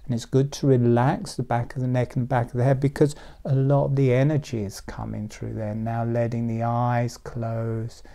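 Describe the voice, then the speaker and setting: A man giving guided breathing and relaxation instructions in a calm, soft-spoken way, often trailing into near-whispers. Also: medium pitch, brisk, vocal fry, few pauses.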